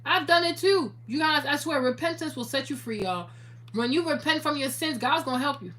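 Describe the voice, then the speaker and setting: A young woman vlogging straight to her viewers in a loose, chatty monologue. Her voice sits a little high, and she swings from cursing to earnest advice without slowing down. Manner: animated, profane, preachy, talks straight to viewers. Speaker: YouTuber.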